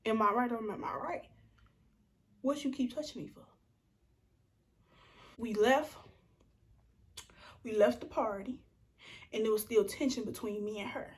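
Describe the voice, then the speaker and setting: A young woman telling a storytime vlog, animated and acting out what people said, sometimes dropping to a whisper. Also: fairly high pitch, measured pace, long pauses. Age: young adult. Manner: animated, acts out quotes, slips into whispers. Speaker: vlogger.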